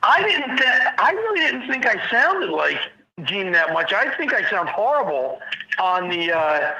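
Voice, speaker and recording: A high, nasal man's voice with a gravelly edge and a sharp, bright tone. He rambles in casual chat and makes fun of himself. The sound comes over a dull, muffled phone line. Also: sing-song, measured pace. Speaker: phone-in guest.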